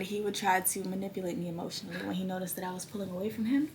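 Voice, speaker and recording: A young woman, hosting a podcast and telling a story in animated, profane casual chat. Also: medium pitch, racing, slight background noise. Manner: animated, swears freely, acts out quoted dialogue. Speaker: podcast host.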